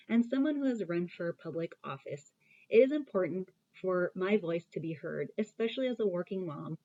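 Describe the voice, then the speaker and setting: A woman with a low, mellow voice delivers a prepared, measured call to action. The audio is dull and lo-fi. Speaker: program founder giving an appeal. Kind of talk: prepared statement.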